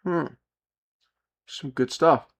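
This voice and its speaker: A man's voice: a little high, very slow, vocal fry. A man streaming live, talking casually in a rambling, profane rant full of restarts.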